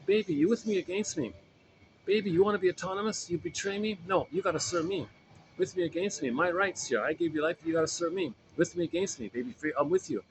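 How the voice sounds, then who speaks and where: Guy doing a clingy guilt-tripping mom voice, pitched way up, demanding. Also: quick pace, slight background noise, natural voice, low-quality recording. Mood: possessive. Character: possessive controlling mother, older woman.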